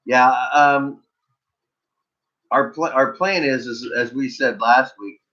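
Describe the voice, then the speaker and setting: An easygoing middle-aged man hosts a casual live stream and drifts into reminiscing. His voice sits at an ordinary pitch for a man. The audio is dull and lo-fi. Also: takes it slowly, pushed and bright. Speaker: channel host.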